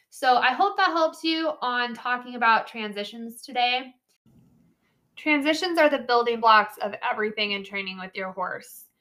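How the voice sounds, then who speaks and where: A woman hosting a horse training podcast, giving casual, chatty coaching with frequent laughs and "right?" asides. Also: on the high side. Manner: chatty, animated, laughs often, says "right?" and "like".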